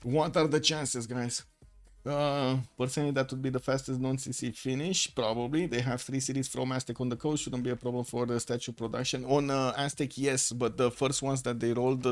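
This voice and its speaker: Man casting a strategy game live. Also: medium pitch. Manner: thinking aloud with frequent fillers and restarts. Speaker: esports caster.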